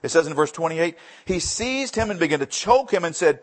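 A man's voice: a little high, lively intonation, fast talker, hardly any pauses. A male pastor preaching a sermon, reading scripture aloud and then explaining it with emphatic repetition.

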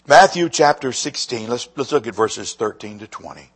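A man preaching a sermon with a raspy voice, moving between quiet, slow emphasis and loud, lively passages. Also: mid-range voice. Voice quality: husky. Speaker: pastor.

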